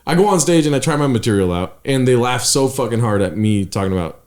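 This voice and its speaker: A man, a podcast co-host and stand-up comic, telling a story in casual chat, animated and swearing, with fillers and trailing sentences. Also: medium pitch, quick pace.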